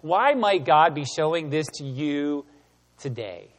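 A man giving a sermon as pastor, animated and emphatic, asking the room rhetorical questions. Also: on the high side, slow, long reverb tail. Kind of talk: sermon teaching.

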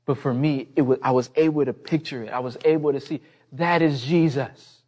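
A man's voice: fairly even intonation, fairly quick, dark tone. Man preaching a heartfelt sermon. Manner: impassioned, rising in pitch and volume toward the end; personal storytelling, conversational asides. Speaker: pastor.

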